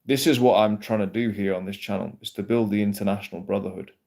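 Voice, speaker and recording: A man's voice: lowish voice, fairly even intonation, fast, vocal fry, a little mellow. A man chatting casually on a livestream, rambling, swearing freely and answering comments from his chat. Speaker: livestream host.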